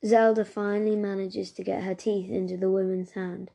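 A woman reading a novel aloud in a steady, even storytelling manner. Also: medium pitch, moderate pace, gravelly. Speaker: reader.

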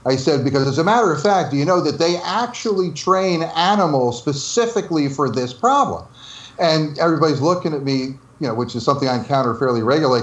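A man's voice: on the high side, quick pace, muffled recording. Laughing storyteller man in echoey room. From New Jersey. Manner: animated storyteller, laughs often, acts out quoted dialogue. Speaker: interview guest, former game developer. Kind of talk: casual storytelling interview.

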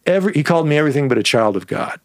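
A man telling a long story in a casual, animated way, swearing often and breaking off into asides. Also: fairly high pitch, very fast, background noise. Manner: animated, profane, digressive.

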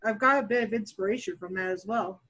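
A woman's voice: mid-range voice, fast talker, fairly bright tone, rough recording. A woman guest on a podcast, a dungeon master, chatting candidly and laughing at herself. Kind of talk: casual interview chat.

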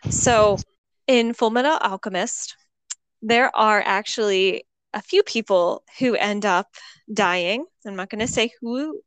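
A woman's voice: mid-range voice, a little slow, clear, resonant tone, dry recording, poor audio. A woman co-hosting a podcast, telling a story animatedly in casual chat while avoiding spoilers. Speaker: podcast co-host.

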